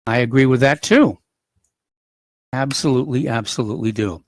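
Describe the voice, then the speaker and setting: A man hosting a call-in radio show, reading news items and adding opinionated asides in an unhurried, conversational way. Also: medium pitch, dry recording. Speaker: radio talk show host.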